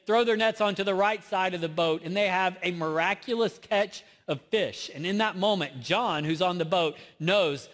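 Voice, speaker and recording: A man's voice: high voice, moderate pace, hardly any pauses, a bit bright. A man with a Southern US accent preaching a sermon as a pastor, conversational and self-deprecating. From American South. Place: church auditorium. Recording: long reverb of a large church hall.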